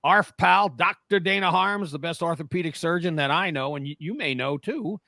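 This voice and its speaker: A middle-aged man from New Jersey with a fairly high voice, chatting casually on the radio. He tells long rambling stories, breaking off and restarting, recorded close and dry. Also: normal speed, vocal fry, pushed and bright, no echo. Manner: rambling storyteller, self-interrupting.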